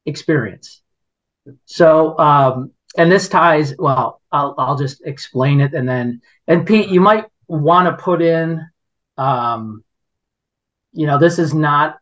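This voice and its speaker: A man's voice: on the high side, takes it slowly, fairly bright tone, dull audio. A man hosting a podcast, telling a story in casual chat, indignant and rambling with many restarts. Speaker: podcast host.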